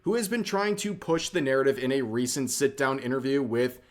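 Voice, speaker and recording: A man reads a scripted commentary video at a measured, steady pace. His voice is mid-pitched and plain, with an even, reporting delivery. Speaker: video narrator.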